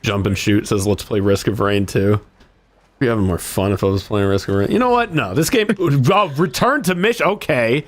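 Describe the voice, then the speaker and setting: A man's voice: lowish voice, expressive, normal speed. A young man hosting a casual gaming stream, joking and swearing freely. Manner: profane, joking, breaks into snatches of song. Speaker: streamer host.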